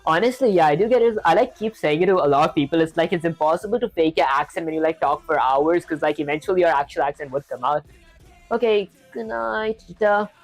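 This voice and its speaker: Talking fast with few pauses, this low-voiced woman livestreams her coding practice as a beginner, narrating every step and replying to viewer comments in a chatty way, with a non-standard English accent. The poor-quality recording has no room sound and soft music underneath.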